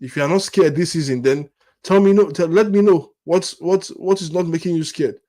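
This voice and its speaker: A man with a somewhat high voice pours out his frustration as a fan-channel host. He stammers, restarts phrases and piles up rhetorical questions, sounding angry and let down throughout. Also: moderate pace, warm tone. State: angry and disappointed. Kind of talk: frustrated fan rant to camera.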